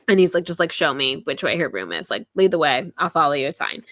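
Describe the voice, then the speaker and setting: A woman's voice: on the low side, quick pace, few pauses, dry recording. A young woman hosting a podcast, casually recapping a book chapter and retelling scenes, with lots of "like" in her speech. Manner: chatty, heavy use of "like", animated retelling. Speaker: podcast host.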